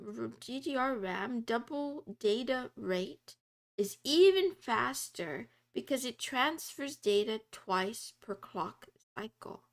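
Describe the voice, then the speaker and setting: Soft high-voiced woman streamer, giggly. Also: creaky. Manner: giggly, soft, drifts into quiet meowing. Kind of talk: casual livestream chat, reading chat and study notes aloud.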